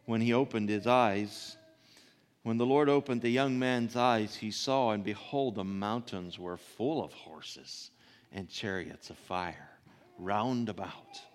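Male preacher, sermon, deliberate slow delivery, rhetorical questions, long hall reverb. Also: fairly low pitch. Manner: unhurried, rhetorical questions, soft asides. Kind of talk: sermon reading and expounding scripture.

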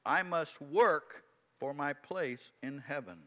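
A proud old pearl diver, slow and subdued, with low, quiet words, as a preacher reads him aloud. His voice is bright and forceful, and it rings with a long hall reverb. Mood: solemn.

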